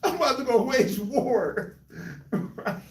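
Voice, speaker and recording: A man's voice: very high voice, expressive, slow pace, echoey room, far from the mic. A man hosting a casual Bible discussion, laughing often and talking in loose slang. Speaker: host of a Bible discussion show.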